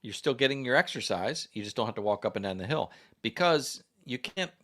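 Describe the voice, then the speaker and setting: Animated and fairly quick, this American man has a mid-range, fairly bright voice, with a little hiss or hum in the audio. He hosts a casual livestream via desk microphone, rambling through viewer comments and putting questions to his audience.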